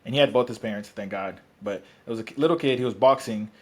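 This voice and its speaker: A man's voice: lowish voice, fast talker. A man who works as a fitness coach, talking bluntly and profanely in casual podcast chat, rambling with restarts.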